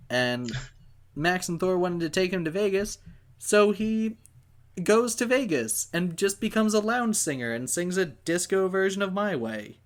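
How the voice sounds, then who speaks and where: A man hosting a casual film podcast, talking in a relaxed, rambling way with plenty of ums. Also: high-pitched, unhurried. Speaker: podcast host.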